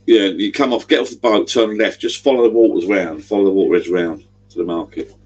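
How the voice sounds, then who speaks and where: A man's voice: on the low side, steady tone, a little fast, a little mellow, muffled recording. A middle-aged man, rambling chattily on a livestream. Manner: rambling, chatty, gives directions. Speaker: livestream host. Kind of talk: casual livestream chat.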